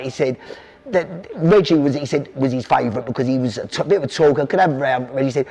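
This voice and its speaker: Fast-talking South London man. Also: medium pitch, a little mellow. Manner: rambling anecdotes, quoting his father. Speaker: podcast guest. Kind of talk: storytelling interview.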